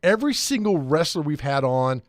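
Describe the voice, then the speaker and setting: A man's voice: a little high, big pitch swings, a little fast, no room sound, clean studio sound. A man hosting a sports radio show, telling stories in casual chat with enthusiasm and frequent laughter. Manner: enthusiastic storyteller, laughs often. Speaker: radio host. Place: radio studio.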